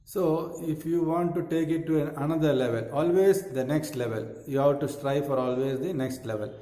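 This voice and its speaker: A male yoga teacher explains breathing in a mellow, unhurried voice. He repeats phrases and pauses with fillers as he guides the class. The sound rings in a roomy space with a long echo. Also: fairly high pitch. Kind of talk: instructional talk on breathing. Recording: echoey room with long reverb.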